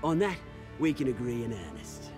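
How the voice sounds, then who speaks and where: A man's voice: medium pitch, sing-song, moderate pace, close to an everyday voice. An actor playing a scheming male crime boss, menacing and theatrical, over game music. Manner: menacing, theatrical, swings between loud and hushed. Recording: game audio with music underneath.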